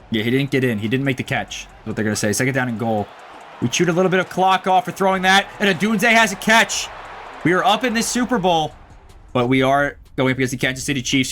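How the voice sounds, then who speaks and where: Young guy narrating his football game, sportscaster style, medium voice, bit of music in the back. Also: mid-range voice. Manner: excited play-by-play, rising to shouts at big plays. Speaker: gaming YouTuber. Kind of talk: casual game commentary. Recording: faint music behind the voice.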